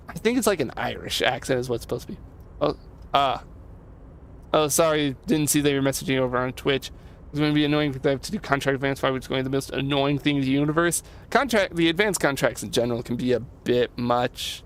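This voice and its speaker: A man's voice: mid-range voice, quick pace. A man streaming a game, rambling in a loose, casual way and swearing now and then.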